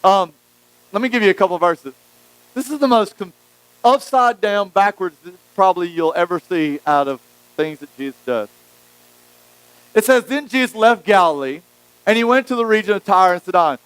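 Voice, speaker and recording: A man preaching a sermon, telling a Bible story with lively acted-out quotes. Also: high-pitched, moderate pace, long pauses, smooth, dry recording, rough recording. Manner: animated storytelling, acting out quotes. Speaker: pastor.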